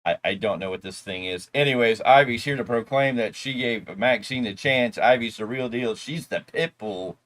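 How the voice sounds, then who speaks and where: A man talks through a wrestling episode at an easy middle pitch. His recap rambles and wanders into side remarks, the way friends chat about last night's show. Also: normal speed, hardly any pauses, a bit bright. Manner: rambling, loose asides and mocking imitations. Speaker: wrestling show reviewer, co-host. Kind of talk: casual recap and commentary.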